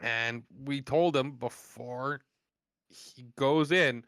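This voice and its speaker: A man telling profane stories in a casual podcast chat, animated and blunt. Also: medium pitch, slow, smooth, dry recording. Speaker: podcast host.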